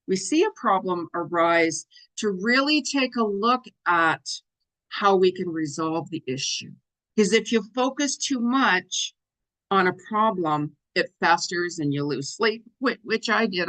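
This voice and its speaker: A woman's voice: mid-range voice, fairly bright tone, low-quality recording. A middle-aged woman hosting a live psychic reading stream, talking casually and at length with lots of fillers. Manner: chatty, rambling, many fillers like "like" and "you know"; acts out her own exclamations in a raised voice. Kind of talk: casual livestream talk.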